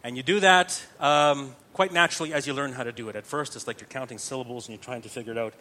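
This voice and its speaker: A man's voice: medium pitch, steady tone, quick pace, bright, forceful tone. A man teaching psalm chanting step by step, patient and explanatory, often checking that listeners follow.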